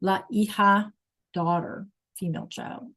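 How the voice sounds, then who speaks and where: A woman's voice: mid-range voice, fairly even intonation, unhurried, fairly bright tone. Woman teaching Spanish on a video call. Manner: patient, checks in with students often. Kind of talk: online class lesson.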